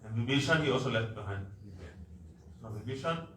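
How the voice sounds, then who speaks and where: A male preacher tells a devotional story in an animated way, acting out the dialogue and explaining terms as he goes. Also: mid-range voice, fairly quick. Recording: echoey room, mic far off, faint noise.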